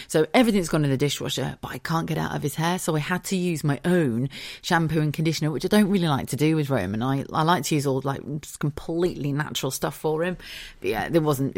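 A low-pitched British woman in her thirties hosts a casual solo podcast. She tells her story in a loose, chatty way, swears freely and laughs easily. The sound is dry, with no room echo. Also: a little mellow. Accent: British English. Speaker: podcast host.

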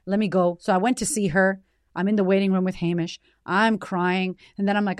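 A woman in her thirties tells a personal story on her own show. She speaks with raw emotion and swears freely, at a middle pitch. The sound is dry and close, with no room around it. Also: fairly even intonation, brisk, a little mellow, no room sound. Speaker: podcast host.

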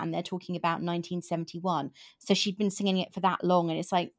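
Host, woman in her fifties, lowish voice, animated and rambling. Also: fairly quick, hardly any pauses. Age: 50s. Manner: animated, laughs often, rambling. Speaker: podcast host. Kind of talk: casual book chat.

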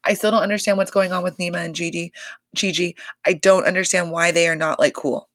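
A woman's voice: fairly low pitch, fairly quick, slight background noise. A woman hosting a casual podcast chat, gossiping with lots of swearing and "like.". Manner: gossipy, profane, animated, lots of "like" and "you guys". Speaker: podcast host recapping a reality show. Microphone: desk microphone.

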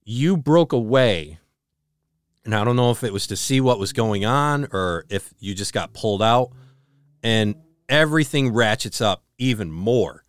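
A man co-hosting a podcast, retelling a story earnestly with halting restarts and a hushed, slowed delivery on dramatic moments. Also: animated, clear, resonant tone, dry recording, studio quality. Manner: slows and drops to a low hush on dramatic moments. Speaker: podcast co-host. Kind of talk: casual storytelling chat.

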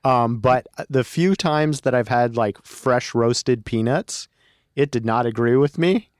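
A man answering questions as a podcast guest in a measured, thoughtful way. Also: mid-range voice, no room sound, studio quality. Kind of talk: casual podcast chat.

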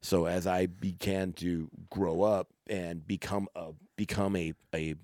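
A man's voice: low voice, little pitch movement, a little slow, darkish tone, no echo, studio quality. A middle-aged man, a father hosting a podcast, chatting casually with his son and acting out quoted exchanges as he tells stories. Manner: storytelling, acts out quoted exchanges. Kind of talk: casual family conversation.

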